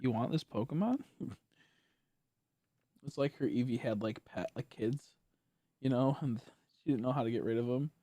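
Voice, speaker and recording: A streamer chatting casually over a game, animated, laughing often and swearing freely. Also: mid-range voice, normal speed, pauses often, a little hiss or hum. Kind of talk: casual gameplay stream chat.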